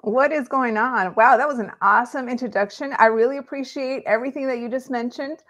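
Chatty woman guest, bright and upbeat, slightly high. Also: fairly quick. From Los Angeles, California. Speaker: guest, real estate agent. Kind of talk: casual interview.

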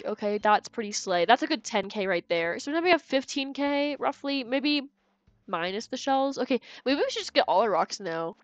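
This is a young woman's casual gameplay commentary, delivered while she streams, giggles, and chats with viewers as quiet game music plays. She speaks at a normal speed in a slightly high, expressive voice, and the audio is dull with no echo.

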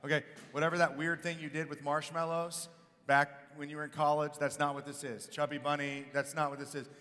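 A man preaching a sermon in a relaxed, conversational way, with fillers and restarts. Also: on the high side, fairly quick. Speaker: pastor. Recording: echoey hall.

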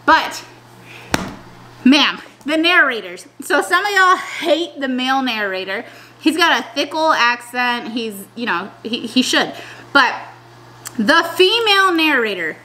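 A young woman talks casually to her viewers in a slangy, chatty way, often trailing off mid-thought and starting again. Her voice is fairly high and bright. Her pitch swings a lot as she talks. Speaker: vlogger. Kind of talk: casual chat.

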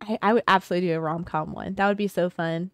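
A woman's voice: lowish voice, steady tone, fast, no room sound, studio quality, faint music behind. A young woman hosting a casual streamed interview, bubbly and giggly, often exclaiming with delight. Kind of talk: casual chat. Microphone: home streaming microphone.

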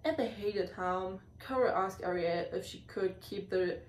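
A woman reads a children's storybook aloud in a medium-pitched, slightly slow voice, now and then stumbling over words and starting them again. The room echoes, she sits far from the mic, and a faint hiss runs underneath.

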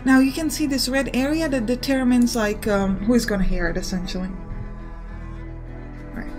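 Quick-talking young woman explaining a game. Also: on the high side, fairly even intonation. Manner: quick, explanatory, filler-heavy talk. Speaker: let's play host. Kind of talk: gameplay commentary. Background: faint game music.

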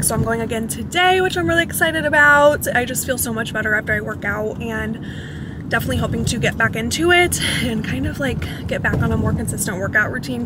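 A young woman talks casually to a phone camera while driving, with a slightly raised pitch. She is chatty, fills her speech with "like" and laughs at herself. Clear road noise from the moving car sits under her voice. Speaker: vlogger. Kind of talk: casual vlog chat.

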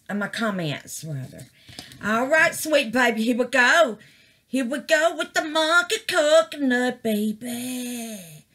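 A woman's voice: on the high side, a bit bright. A middle-aged woman chatting casually to her viewers about her craft, calling them babies and honey. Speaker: craft vlogger.

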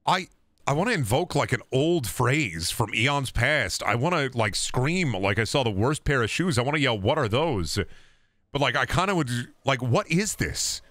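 A man's voice: a little high, fairly bright tone, no echo, studio quality. Jokey male gaming streamer. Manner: jokey, riffing, repetitive. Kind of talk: casual gameplay commentary. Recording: faint background noise.

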